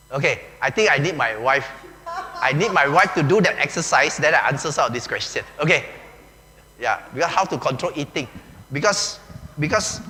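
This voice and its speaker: With a bright, forceful, medium-pitched voice, a Malaysian English-accented pastor delivers a loose, joking, conversational sermon. He's chatty, often says "okay," and uses "lah" and "ah." A long echo from the large church hall fills the sound, with a faint hum underneath.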